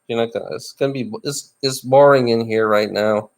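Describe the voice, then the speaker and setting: A tired middle-aged man livestreaming alone, ranting bitterly and swearing, with rough laughs between complaints. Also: mid-range voice, steady tone, brisk. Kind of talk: ranting live stream monologue.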